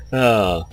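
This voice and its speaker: A man hosting a let's play, talking casually and rambling as he reacts to the game. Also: on the low side. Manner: rambling, chatty, laughs often. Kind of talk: casual commentary over a game.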